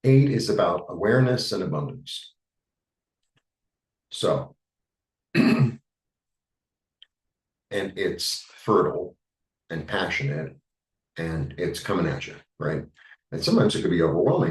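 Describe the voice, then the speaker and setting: A man with a New York accent giving a rambling, halting tarot reading, full of fillers. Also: sits low, animated, roomy sound, recorded from a distance, rough recording. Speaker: tarot reader. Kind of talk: casual spiritual monologue.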